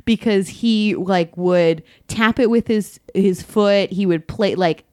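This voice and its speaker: A woman's voice: medium pitch, slow pace, a little mellow, no echo, clean studio sound. A woman co-host in a casual podcast chat, chatty and rambling as she tells a story.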